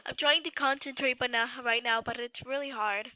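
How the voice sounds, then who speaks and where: A woman's voice: fairly high pitch, normal speed, clear, resonant tone, poor audio. A teenage girl, sick with a sore throat, commenting on her gameplay at home with panicky outbursts and occasional whispers. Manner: excitable, panicky exclamations, drops to whispers. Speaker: gamer.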